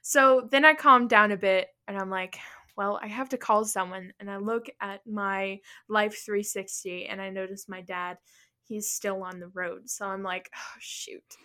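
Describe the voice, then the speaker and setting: A young woman co-hosts a casual podcast and tells a story about her own mishap. Her voice is bright and clear. She acts out her panicked lines as she goes. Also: medium pitch, fairly even intonation, measured pace. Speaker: podcast co-host.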